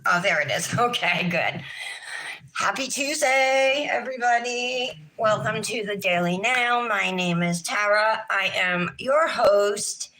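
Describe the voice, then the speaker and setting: A woman's voice: medium pitch, pushed and bright, low-quality recording. A woman in her thirties hosting a casual nail livestream, chatting in a sing-song way with her viewers. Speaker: nail vlog host. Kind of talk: casual livestream chat while doing nails.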